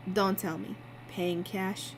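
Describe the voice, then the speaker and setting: Woman doing a calm male investigator. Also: mid-range voice, a little hiss or hum, close to an everyday voice, poor audio. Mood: probing. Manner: measured, questioning.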